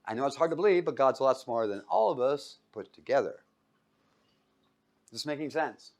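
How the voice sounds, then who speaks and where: Animated, chuckling male preacher. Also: mid-range voice, a little fast. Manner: animated storytelling, chuckles often, asks the audience questions. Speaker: preacher teaching a Bible study. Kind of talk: casual sermon.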